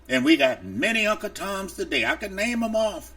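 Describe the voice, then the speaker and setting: A man's voice: sits high, big pitch swings, normal speed, gravelly, pushed and bright, recorded from a distance. A male preacher delivering an impassioned, emphatic sermon for a podcast, openly angry.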